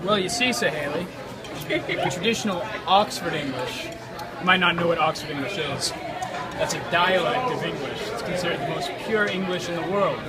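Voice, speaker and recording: A man doing a stuffy, self-important posh lecturer, pitched high and clipping every word with exaggerated care. Loud crowd chatter fills the space around him. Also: lively intonation, normal speed, natural voice. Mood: pompous. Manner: pompous, over-enunciating, lecturing. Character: pompous male British lecturer on proper English.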